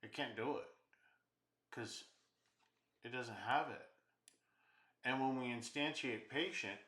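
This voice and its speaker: A man's voice: medium pitch, pushed and bright, reverberant. A man teaching programming, thinking aloud and muttering as he works through errors in a live coding walkthrough. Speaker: programming instructor.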